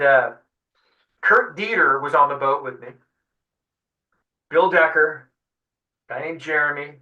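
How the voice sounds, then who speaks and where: A man being interviewed, telling a lively story and acting out what the others said. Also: on the high side. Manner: animated storyteller acting out voices. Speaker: guest fly-fishing guide. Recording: roomy sound, mic at a distance.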